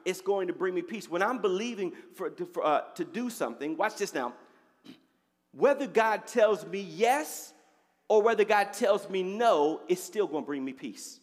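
A man's voice: high voice, lively intonation, moderate pace, big-room sound. A male pastor, preaching a sermon with call-and-response, repeating phrases and often asking "you got it?". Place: church sanctuary.

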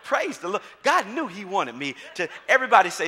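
A man preaching a sermon in a church, telling a story with call-and-response and building into shouts. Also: sits high, sing-song, fairly quick, hardly any pauses, in a large hall. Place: church sanctuary.

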